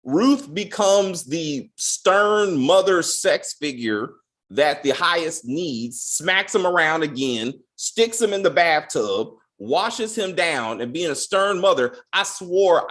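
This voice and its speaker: A man's voice: on the high side, expressive, slow pace, a bit bright. A man hosting a casual spoiler review of a TV episode, ranting in a profane, exasperated way. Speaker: TV show reviewer.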